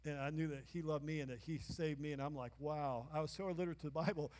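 A man in his sixties preaching a sermon as pastor, calling out to the congregation for responses and breaking into shouts. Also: a little high, fairly even intonation, fast. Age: 60s. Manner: call-and-response, bursts of shouting. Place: church sanctuary. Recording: long reverb of a church hall.

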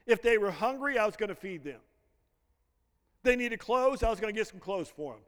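Preaching in a large hall with long reverb, a middle-aged pastor draws call-and-response answers, leaving lines for the congregation to complete. His voice is high-pitched, expressive, and a bit bright, and he speaks a little fast.

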